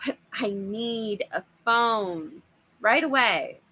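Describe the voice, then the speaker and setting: A desperate, red-faced dad who cries out in a strained, rising voice, as a woman reading the story puts him on. He talks in slow, drawn-out bursts, bright and pushed hard. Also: high-pitched, sing-song, pitched above the performer's own voice, exaggerated voice. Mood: frantic.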